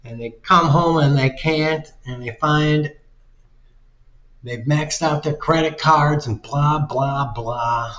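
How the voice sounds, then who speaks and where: A man ranting in slow, drawn-out bursts, sarcastic and exasperated, swearing freely. His voice sits in the middle range. The recording has a roomy echo and a slightly dull, muffled tone. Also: a little high, a bit bright. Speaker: video commentator. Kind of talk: casual ranting commentary.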